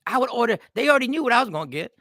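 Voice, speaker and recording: A man hosting a podcast, telling rambling stories in a loose, animated comedic monologue. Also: very high-pitched, racing, gravelly, no echo, clean studio sound. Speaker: podcast host.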